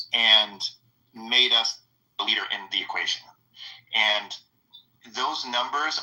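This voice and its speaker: A man's voice: medium pitch, bright, forceful tone, poor audio. A man calling in with casual political commentary, emphatic and rambling as he leans on numbers. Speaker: caller.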